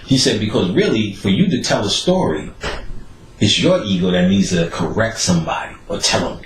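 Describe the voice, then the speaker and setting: A man hosting a podcast, telling stories in a profane, animated way and acting out the people he quotes. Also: on the low side, moderate pace, echoey room, a little hiss or hum, poor audio. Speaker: podcast host. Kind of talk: casual storytelling monologue.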